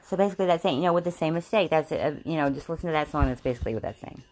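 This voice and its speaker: A woman's voice: sits low, rapid-fire, a little mellow. A woman giving a casual tarot reading, swearing and laughing as she rambles with many fillers. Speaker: tarot reader.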